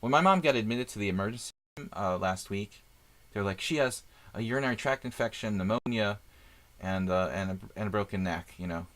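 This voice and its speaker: A man's voice: on the low side, a little fast, a bit bright. A middle-aged man streaming chess, chatting casually and thinking aloud about his moves with lots of fillers. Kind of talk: casual live-stream chat while playing.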